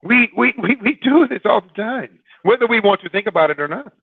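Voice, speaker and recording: Male broadcast host, husky high voice, chatty with questions to listeners, dry phone-quality sound. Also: animated, brisk, dry recording. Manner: conversational, poses rhetorical questions to listeners. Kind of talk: informal broadcast talk.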